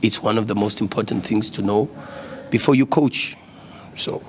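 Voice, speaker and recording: A man's voice: on the low side, normal speed, slight background noise. A man, a football coach speaking at a post-match press conference, passionate and repeating words when agitated. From South Africa.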